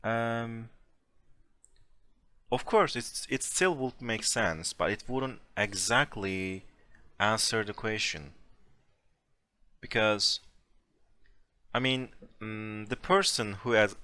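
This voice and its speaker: A man teaching a language class over a voice chat, explaining slowly and patiently with casual fillers. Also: lowish voice, sharp tone. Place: home room, over a voice chat. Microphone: computer mic on a voice chat.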